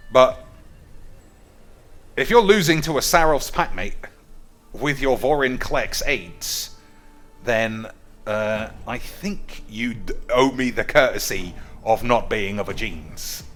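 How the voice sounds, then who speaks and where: A man ranting sarcastically over gameplay, crude and rambling, jumping into high mock shouts. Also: expressive, takes it slowly, long pauses. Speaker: gaming video host.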